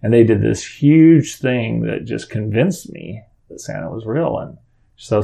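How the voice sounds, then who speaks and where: A middle-aged father shares a personal story in a casual, earnest manner. His low voice has a heavy gravelly rasp and a slightly mellow quality, and he rambles, often starting his sentences over.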